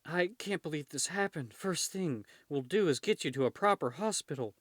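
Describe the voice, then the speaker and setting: A man voices a fretful, worried friend, pitching himself above his own natural voice so it comes out a little high, with lively intonation. He speaks at a moderate pace in studio-quality audio with no room sound.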